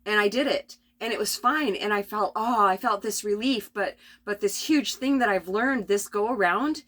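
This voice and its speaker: A middle-aged woman rambling through a spontaneous spiritual vlog from her RV, tired and coughing, with many restarts and soft laughs. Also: medium pitch, moderate pace. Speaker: vlogger. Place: at home in an RV.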